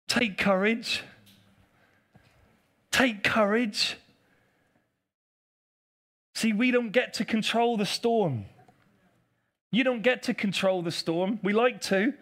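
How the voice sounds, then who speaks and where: A man with a fairly high, ringing voice preaches from the front of a church. He drills his key lines over and over, asks the congregation to answer back, and teases the people in the pews. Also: a little slow, a bit bright. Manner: emphatic and repetitive, drilling key phrases; addresses the congregation directly, calls for responses and teases members. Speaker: pastor. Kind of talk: preaching a live sermon.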